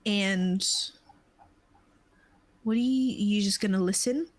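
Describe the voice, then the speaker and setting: A woman narrating a tabletop game as game master, unhurried and searching for words. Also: mid-range voice, darkish tone, no echo, rough recording. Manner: unhurried, with many fillers and restarts.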